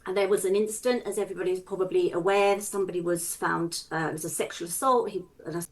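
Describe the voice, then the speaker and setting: A woman's voice: lowish voice, fairly even intonation, fast. Earnest posh English woman. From England. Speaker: local resident interviewed on the news. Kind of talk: news interview.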